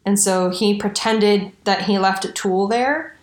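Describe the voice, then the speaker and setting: Woman telling a story, profane and animated. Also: mid-range voice, measured pace. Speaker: podcast co-host. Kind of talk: casual true-crime podcast chat. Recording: roomy echo.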